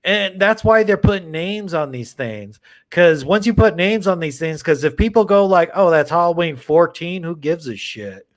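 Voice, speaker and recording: Excitable man rambling on a livestream. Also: sits high, normal speed. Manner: rambling, excitable, swears casually. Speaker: horror channel livestream host. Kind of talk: casual livestream chat with viewers.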